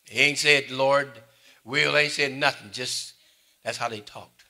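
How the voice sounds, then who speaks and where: A man preaching a sermon, swinging between loud calls and quiet asides to his congregation. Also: mid-range voice, steady tone, unhurried. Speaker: pastor.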